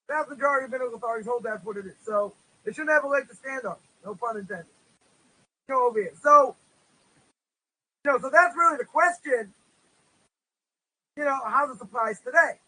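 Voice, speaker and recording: Poor audio captures a rabbi in Israel whose extremely high-pitched voice is sharp and fairly quick, with frequent pauses. Lecturing informally on religion, he leans on "you know" fillers and tells stories while performing their voices.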